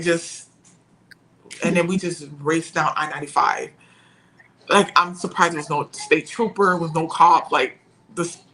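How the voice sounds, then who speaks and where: Bright-voiced young woman, halting. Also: lowish voice, a little hiss or hum, low-quality recording. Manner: halting, searching for words. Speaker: podcast guest. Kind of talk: emotional personal storytelling.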